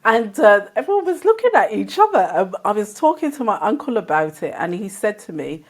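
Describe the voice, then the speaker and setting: A woman's voice: mid-range voice, very animated, a little fast, few pauses. A woman from England with an accent between London and Birmingham, a guest chatting casually and laughing often as she tells stories. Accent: between London and Birmingham English. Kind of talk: casual conversation.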